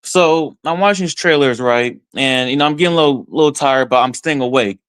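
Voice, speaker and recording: A man from Texas, a podcast guest, telling a story in an excited first-person way and voicing his own thoughts along the way. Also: medium pitch, brisk, clear, resonant tone, dry recording. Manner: excited, retells events with quoted self-talk.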